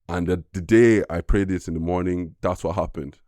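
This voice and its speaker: A young man, a podcast guest, telling a personal faith story in an earnest, halting way with many fillers. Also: low-pitched, darkish tone, dry recording, studio quality. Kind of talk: casual personal testimony.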